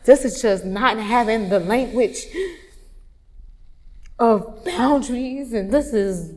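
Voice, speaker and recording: A woman, candidly telling a personal story, moving from hushed tones to loud animated retelling. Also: a little high, slow pace. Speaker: photographer telling her story. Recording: long reverb, roomy hall sound.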